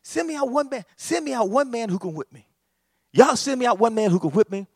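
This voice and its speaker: A boastful giant warrior hurls taunts, voice pitched high and swinging wide, as a man acts him out in a sermon. The delivery is dry and close. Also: expressive, a little fast, darkish tone, no room sound, full character voice. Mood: taunting. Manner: taunting, bullying.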